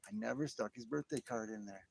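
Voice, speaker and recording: A man's voice: on the low side, brisk, creaky, a little hiss or hum. A man hosting a casual livestream outdoors by a fire at night, phone in hand, talking in a rambling, exclamatory way with his viewers. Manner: rambling, exclamatory, easily excited. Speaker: livestream host. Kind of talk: casual live chat with viewers.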